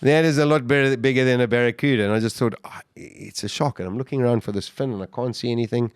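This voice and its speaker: A man of middle pitch tells his survival story as a podcast guest. He speaks in an animated, dramatic way, often restarts and stumbles, then pushes hard on key moments. The sound is close and dry, with no room around it. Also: very fast, clear, resonant tone, no room sound. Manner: animated, with frequent restarts and sudden surges of emphasis. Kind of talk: dramatic first-person storytelling.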